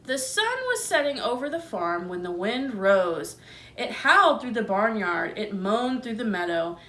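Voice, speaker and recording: A woman teacher reading a picture book aloud to young children, gentle and expressive, asking them questions. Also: medium pitch, a little slow.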